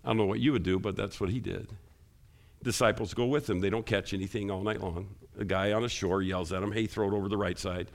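A man preaching a sermon as pastor, asking the congregation questions and climbing high and loud when he stresses a point. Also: steady tone, a little fast, creaky.

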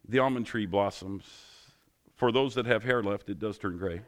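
A man's voice: fairly low pitch, moderate pace. A middle-aged man, a pastor, giving a sermon in a conversational, joking style full of rhetorical questions.

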